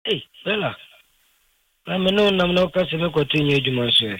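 A man's voice: a little high, lively intonation, quick pace, a bit bright, dry recording, poor audio. A man with a Ghanaian accent calling into a radio show, emphatic and repeatedly addressing the host by name. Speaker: radio caller. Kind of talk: phone-in chat.

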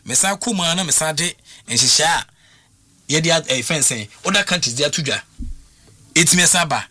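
Animated Ghanaian man, bright voice. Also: fairly high pitch, moderate pace, no room sound. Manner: emphatic, repetitive, animated. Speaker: football pundit on radio. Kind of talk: sports talk radio discussion.

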